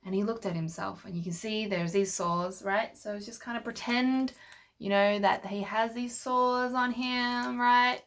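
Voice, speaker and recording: A woman's voice: fairly high pitch, fairly even intonation, measured pace, a bit bright. A woman telling a Bible story to children with toy figures, patiently asking them questions as she goes. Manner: patient, asks the listener questions.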